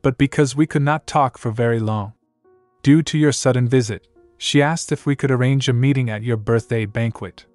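A man narrating a drama recap in a mid-pitched, steady voice. He reads every character's lines in the same plain tone without putting on voices. The recording is dry and close, with soft background music. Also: moderate pace, dry recording. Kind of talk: scripted story narration.

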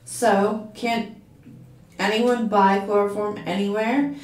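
A woman's voice: mid-range voice, fairly even intonation, slow pace, lightly acted. A woman reading aloud, voicing a blunt, dismissive young woman. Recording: roomy, from a distance.

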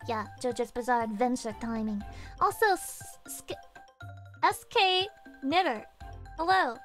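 A young woman streaming, chatting casually with her viewers and swearing with loud outbursts. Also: fairly high pitch, expressive, measured pace, soft background music. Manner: profane, loud outbursts, rowdy. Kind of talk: casual chat reading chat messages.

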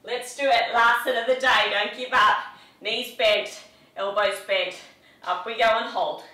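A woman's voice: a little high, steady tone, a little slow, pushed and bright. A woman, a fitness instructor, coaching a live workout in an upbeat, encouraging way and counting out reps in her home studio. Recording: echoey room, mic at a distance.

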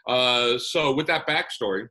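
A man's voice: mid-range voice, measured pace, bright, forceful tone, low-quality recording. A man casually telling a personal story as a podcast guest, full of "uh" fillers and little chuckles. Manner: rambling with many "uh" fillers and chuckles.

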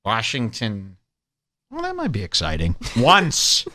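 A man's voice: medium pitch, wildly swooping pitch, slow pace, pushed and bright, no echo. A man hosting a podcast, delivering a sarcastic, mock-preachy comedic rant in a close, dry studio recording. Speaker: podcast host. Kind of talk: ranting comedic monologue.

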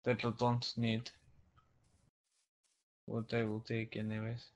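A man casually commenting on his own gameplay. He keeps up a running chat, calling out whatever he stumbles across. His voice sits at an ordinary middle pitch. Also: monotone, slow. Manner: chatty, narrates his finds as he plays. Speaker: let's play host.

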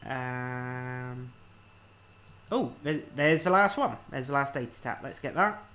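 A man casually commenting on a video game as he plays, reading the on-screen text aloud and thinking out loud. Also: mid-range voice, takes it slowly. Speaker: let's-play host.

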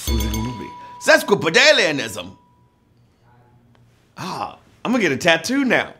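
Male quiz show host, playful and jokey, pitched a little high, bouncing all over, faint music behind. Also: huge pitch swings, fast. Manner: playful, joking, with loud whoops. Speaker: trivia game show host. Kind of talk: live quiz show hosting.

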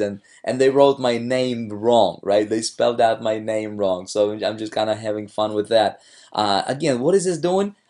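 A man with a hoarse voice, talking casually as a marketing coach about his own videos, rambling with many fillers and restarts. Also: medium pitch, a little mellow.

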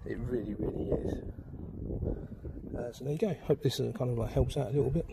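Fitting a phone mount outdoors next to a motorbike, a vlogger from the United Kingdom talks through the install casually, with lots of ums and fillers. His mid-range voice is creaky and fairly quick, over a noisy background.

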